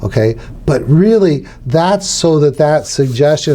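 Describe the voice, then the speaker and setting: Man, middle-aged, relaxed dark tone, instructional podcast chat, acts out suggestions. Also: mid-range voice, normal speed, hardly any pauses. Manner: explanatory, demonstrates suggestions aloud. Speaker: hypnotherapy trainer.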